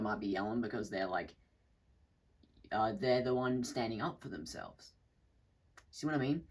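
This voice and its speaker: A man's voice: mid-range voice, husky, poor audio. A man talking off the cuff in a casual monologue, rambling with restarts and swearing, now and then acting out other people's voices. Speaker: channel host.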